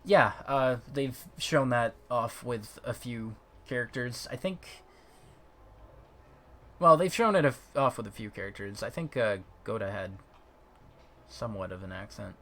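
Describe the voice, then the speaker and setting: A man's voice: mid-range voice, normal speed, fairly bright tone. Joking male gaming streamer. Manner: joking, laughs often. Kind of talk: let's play commentary.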